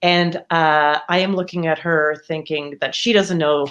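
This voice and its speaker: A woman telling a personal story for a live storytelling show, conversational and animated, jumping up in pitch when she acts out quotes. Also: measured pace, muffled recording. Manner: conversational with fillers and self-interruptions.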